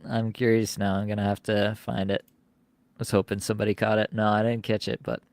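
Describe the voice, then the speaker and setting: A man's voice: fairly low pitch, level tone, a little fast, no room sound. A man co-hosting a live stream, chatting casually and laughing often as he reacts. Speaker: co-host.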